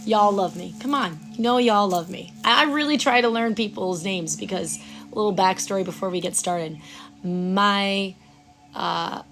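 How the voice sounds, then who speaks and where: A woman hosting a live Reiki session outdoors. She chats with viewers, stumbles over their names, then gives soft, slow breathing cues. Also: mid-range voice. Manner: chatty, reads viewers' names aloud and fumbles them. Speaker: Reiki practitioner and stream host. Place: outdoors at sunrise.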